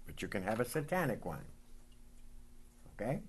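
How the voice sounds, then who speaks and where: A man preaching a sermon as pastor, leading call-and-response lines and reading scripture slowly and deliberately. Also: lowish voice, sing-song, slight background noise.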